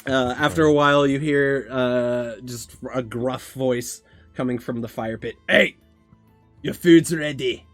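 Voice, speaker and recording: A man running a tabletop game as game master, describing scenes in a relaxed, casual way. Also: medium pitch, unhurried, no room sound, soft background music.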